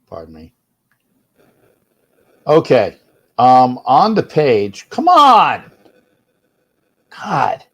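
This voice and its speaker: Brief: male host, mid-pitched voice, annoyed rambling livestream talk at home. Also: very animated, extremely slow, gravelly, long pauses, darkish tone, slightly rough. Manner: grumbling, irritated, repeats and restarts phrases. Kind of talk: casual livestream chat.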